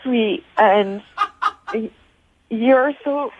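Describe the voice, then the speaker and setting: Woman crying on the phone, high voice, halting sentences, phone-line sound. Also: a little hiss or hum. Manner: halting, broken up by sobs. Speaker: caller.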